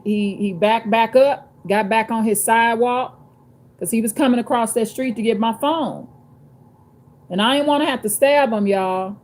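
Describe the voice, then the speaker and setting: A woman's voice: a little high, warm tone. A woman hosting her own live stream from home, telling stories to her viewers with emphatic, repetitive phrasing and calling them y'all. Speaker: YouTube channel host. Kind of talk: live-stream chat and storytelling. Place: at home, downstairs.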